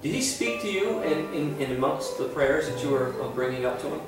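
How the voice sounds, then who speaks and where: A woman's voice: sits low, expressive, fairly quick. A woman playfully interviewing young children with teasing questions and exclamations. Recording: echoey room from far off, music behind. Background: music.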